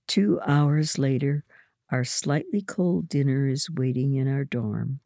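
A narrator reading a first-person story aloud in a slow, measured way. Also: mid-range voice, creaky, dark tone, no echo, studio quality.

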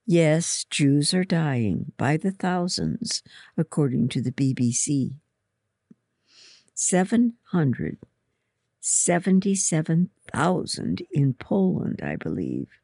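A reader voicing a sly, cold older nun who speaks calmly and with false cheer. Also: mid-range voice, takes it slowly, gravelly, no room sound, clean studio sound, heavily acted. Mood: flat.

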